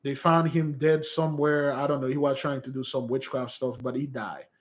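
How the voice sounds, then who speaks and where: A man talking casually to his followers as a spiritual fasting leader, exhorting them and calling them beloved, with rambling asides. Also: mid-range voice, steady tone. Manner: exhorting, calls listeners beloved.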